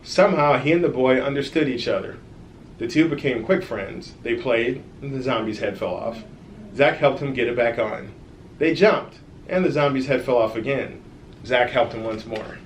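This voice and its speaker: Male storyteller, kids' read-aloud, lively with direct asides; echoey room, faint hiss. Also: medium pitch, normal speed. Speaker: author reading his own book. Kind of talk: reading a children's story aloud.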